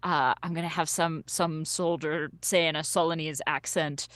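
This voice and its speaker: A woman playing a tabletop game, eager and quick to laugh. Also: deep voice, steady tone, fairly bright tone, no room sound, studio quality. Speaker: player. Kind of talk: tabletop game play chat.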